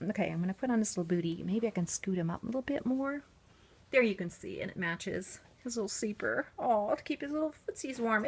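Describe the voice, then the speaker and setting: Lively, chatty woman vlogger. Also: medium pitch. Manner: chatty, laughs often, soft cooing asides while dressing a doll. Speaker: doll collector vlogger. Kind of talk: casual storytelling to camera.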